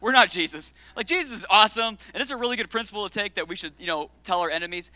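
A young man preaching a sermon as pastor, energetic and joking, calling out to his congregation for responses. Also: sits high, rapid-fire, no echo. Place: church sanctuary.

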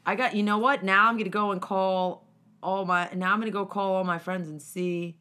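A young woman in casual chat, playful and quick to laugh. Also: medium pitch, fairly even intonation, bright, forceful tone.

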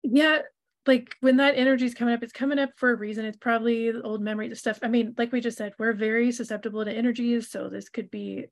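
A woman's voice: a little high, flat delivery, fast talker. A woman co-hosting a podcast in casual chat, telling stories in an upbeat way and laughing often. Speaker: podcast co-host.

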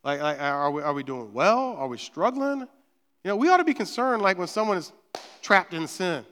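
High-voiced pastor preaching. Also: male voice, sing-song, normal speed, fairly bright tone, smooth, in a large hall. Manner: conversational, repeats words, frequent "right?". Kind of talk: sermon. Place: church sanctuary.

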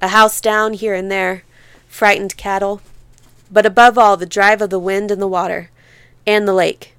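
A woman narrating a novel in a measured, vivid literary reading into a close studio mic. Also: medium pitch, little pitch movement, a bit bright, smooth, no room sound. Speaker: audiobook narrator. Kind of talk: scripted narration.

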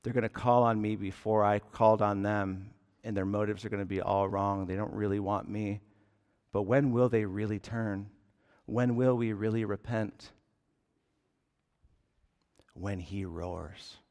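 A man in his thirties preaching a sermon as pastor, earnest and deliberate, with emphatic rises on key words. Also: lowish voice, level tone, darkish tone, smooth. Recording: long hall reverb.

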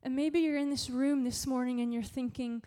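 A young woman youth pastor giving a sermon, telling a story in animated, casual slang. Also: sits high, moderate pace.

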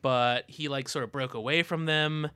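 Hesitant young man with a bright voice. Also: medium pitch, fairly even intonation, normal speed, smooth, dry recording. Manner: hesitant, full of fillers, trailing off. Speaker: podcast guest. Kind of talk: casual chat about comics.

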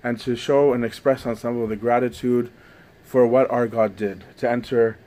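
A man's voice: medium pitch, steady tone, moderate pace, mellow. A man giving a conversational sermon, often asking "right?" as he goes. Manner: conversational, frequent "right?" tags.

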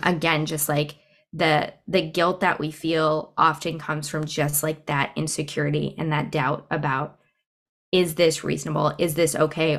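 A woman's voice: low-pitched, vocal fry, fairly bright tone. A woman speaking as a podcast guest, talking things through in a reflective, conversational way with frequent fillers. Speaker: podcast guest, cycle syncing coach. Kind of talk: casual interview conversation.

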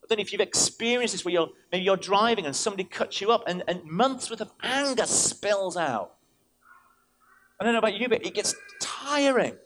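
A man, a vicar, preaching an animated sermon in church, telling stories and switching in and out of quoted voices. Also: high voice, slight background noise.

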